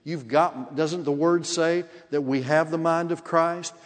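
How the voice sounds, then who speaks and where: A man voicing God as a calm, fatherly male presence, speaking slowly and reassuringly in a hushed, lowered voice. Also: lightly acted. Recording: long hall reverb.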